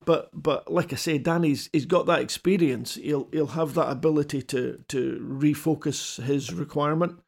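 A man giving halting, considered opinions as a pundit in a panel chat, with many restarts. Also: a little high, creaky.

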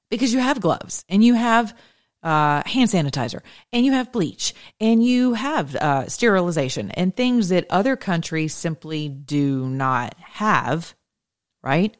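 Low-voiced emphatic woman host. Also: animated, unhurried. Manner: chatty, emphatic storytelling with asides and self-interruptions. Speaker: political commentary host. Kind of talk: casual monologue commentary.

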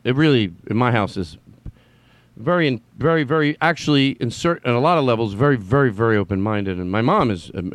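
A man muses aloud in an unscripted personal monologue, tripping over restarts and swearing freely, then flares up into loud, passionate ranting. His pitch is medium, and the recording is dry.

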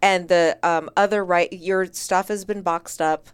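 A woman with a smooth, clear voice tells a story in casual chat. She talks animatedly and slips into the voices of the people she quotes. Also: on the low side, measured pace. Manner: animated, acts out quoted dialogue, many "like" fillers. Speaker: podcast guest.

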